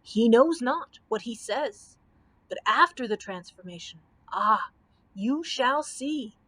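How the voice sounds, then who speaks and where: Woman doing a crafty shrill courtier. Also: animated, slow pace, fairly bright tone, slightly rough, full character voice. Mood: sly. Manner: shrill, sly. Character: crafty scheming male court official.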